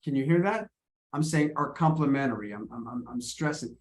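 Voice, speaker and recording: A man's voice: mid-range voice, animated, fairly quick. A man teaching English in an online video class, encouraging and often repeating his words as he coaches students. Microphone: video call.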